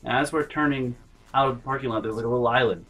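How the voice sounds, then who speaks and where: Male vlog host, husky voice, rambling storyteller who trails into mutters. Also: medium pitch, fairly even intonation, fast, fairly bright tone, faint music behind, rough recording. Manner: rambling, self-interrupting, drops to mutters.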